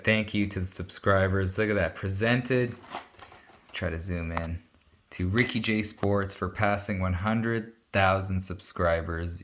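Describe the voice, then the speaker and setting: Excited man unboxing on camera. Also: low-pitched. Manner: excited and emotional, thanking viewers. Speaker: sports channel host. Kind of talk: casual unboxing vlog.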